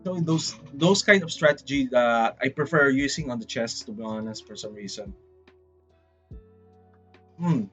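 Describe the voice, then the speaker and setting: A man with a Filipino accent chatting casually on a livestream, rambling and excitable, often saying "freaking". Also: mid-range voice, a little slow, pauses often, dull audio, faint music behind. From Philippines. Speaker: VTuber streamer.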